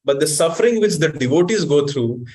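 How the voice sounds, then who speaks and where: Guy giving a lively sermon, kinda high voice, keeps asking the crowd stuff. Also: a little fast. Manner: animated, questions the audience, recites Sanskrit verses. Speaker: spiritual teacher.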